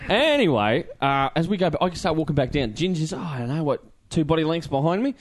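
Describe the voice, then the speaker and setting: An Australian man co-hosting a casual show, telling a story with lively, swearing banter. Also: a little high, brisk. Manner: animated, swearing, laughing storyteller. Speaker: radio co-host.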